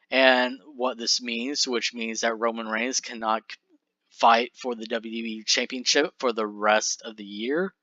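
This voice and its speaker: A man's voice: medium pitch, bright, forceful tone, dry recording. A man casually recapping a wrestling simulation game with rambling fillers, recorded on a desk mic in a dull, dry sound. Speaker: game commentator.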